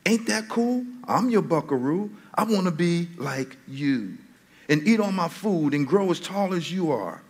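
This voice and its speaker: Man voicing a four-year-old boy, adoring and eager, pitched up high. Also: very animated, unhurried, husky, exaggerated voice. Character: cheerful little boy, about four.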